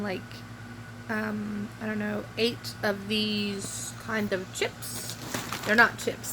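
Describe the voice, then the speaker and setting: A woman's voice: medium pitch, background noise. A middle-aged woman, chatting casually to her camera at home in a rambling way with many fillers. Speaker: vlogger. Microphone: phone or camera close by.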